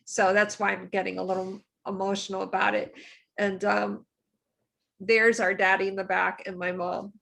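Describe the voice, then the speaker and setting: A woman co-hosting a podcast who thanks her guests in a halting way and grows emotional. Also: mid-range voice, little pitch movement, creaky, fairly bright tone. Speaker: podcast co-host. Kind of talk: casual chat.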